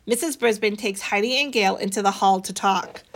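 A woman reading a children's story aloud, expressive, with a bright, animated delivery. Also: moderate pace. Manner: expressive, voices the children's dialogue higher.

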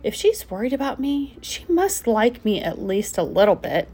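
A woman narrating a children's storybook aloud in the first person of a frog, with gentle, expressive storytelling. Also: fairly high pitch, normal speed, husky.

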